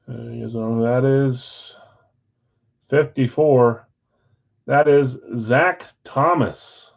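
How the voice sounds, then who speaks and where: A man hosting a live-streamed card break, chatting with viewers and calling out countdowns in an energetic, auctioneer-like way. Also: mid-range voice, creaky, lo-fi sound. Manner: auctioneer-like rapid calls.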